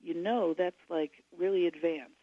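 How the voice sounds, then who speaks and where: A woman's voice: on the low side, fairly even intonation, normal speed, dry recording, phone-quality sound. A woman, a guest author on a radio interview, giving long and digressive explanations.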